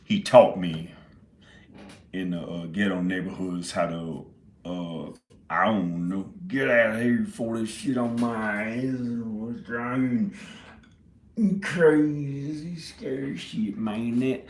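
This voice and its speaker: Man, forties, slow drawl, rambling monologue, laughs and curses, echoey room. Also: fairly low pitch. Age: 40s. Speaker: indie filmmaker. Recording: roomy echo.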